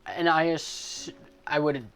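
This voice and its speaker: A man's voice: on the high side, slow pace, a bit bright, a little hiss or hum. A man playing in a tabletop role-playing game, arguing his case insistently. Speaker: player. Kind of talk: casual role-play chat.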